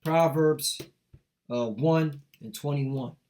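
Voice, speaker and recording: A man's voice: fairly high pitch, slow pace, a little mellow. A middle-aged man preaching a heated street sermon, reading scripture and breaking off into profane rants, punctuating lines with "all right?" and "man".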